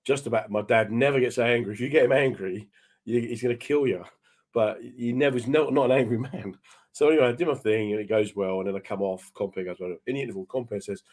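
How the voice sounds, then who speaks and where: A British radio talk show host with a medium-pitched, darkish male voice talks fast in a casual chat. He tells stories in a chatty way and acts out the quotes.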